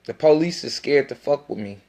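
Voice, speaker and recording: A man's voice: on the high side, expressive, brisk, darkish tone. Profane, rambling man. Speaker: independent rapper. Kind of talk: casual self-recorded monologue.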